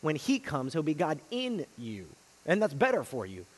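A man preaching a sermon, swinging between loud emphasis and hushed, quiet lines. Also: on the high side, huge pitch swings, normal speed, big-room sound. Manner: dynamic delivery, swinging from loud emphasis to hushed near-whispers. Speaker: pastor.

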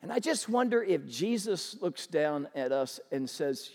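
A man preaching a sermon as pastor, animated and acting out excited sports fans. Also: a little high, unhurried, hardly any pauses. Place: church sanctuary. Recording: long church reverb.

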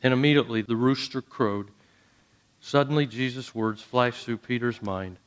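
A man preaching a sermon, dramatic, dropping to soft low phrases and then rising to loud emphatic ones. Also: moderate pace, clear, resonant tone. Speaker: pastor.

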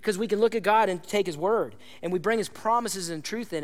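A man preaching a sermon as pastor, animated and conversational, acting out quoted voices and calling out to the congregation. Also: high voice, brisk.

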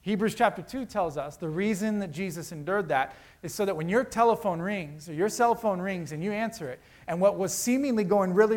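In this sermon, a man serving as pastor speaks earnestly and conversationally. His delivery moves between loud, emphatic moments and soft, hushed passages.

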